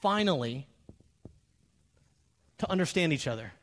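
High-voiced man preaching with humor. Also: a little slow. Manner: animated, acts out quoted dialogue; humorous, direct address to the audience. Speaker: pastor. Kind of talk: sermon.

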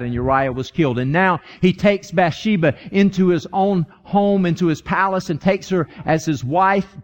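High-voiced man preaching a sermon. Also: dull audio. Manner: earnest storytelling preacher, rising to urgent emphasis. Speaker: pastor.

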